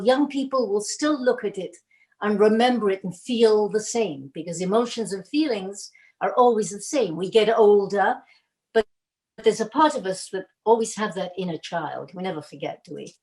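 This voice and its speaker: An older woman, an actress, recounting her early career in a rambling, animated way, acting out the lines she quotes. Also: a little high, rough recording. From Argentina. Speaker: actress telling career stories. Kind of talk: casual storytelling.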